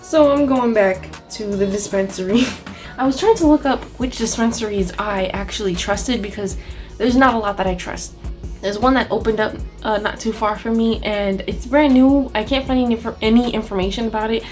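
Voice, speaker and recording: A young woman with a fairly high voice chats loosely through an art vlog, leaning on "like" and dropping curses as she rants. Soft music plays underneath. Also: normal speed. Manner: chatty, many "like" fillers, swears and rants with laughs. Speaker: artist vlogger. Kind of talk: casual vlog chat. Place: home art studio. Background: faint background music.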